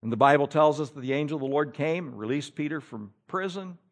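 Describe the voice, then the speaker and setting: A male pastor preaching a sermon, telling the story in an animated, humorous way. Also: on the high side, fast.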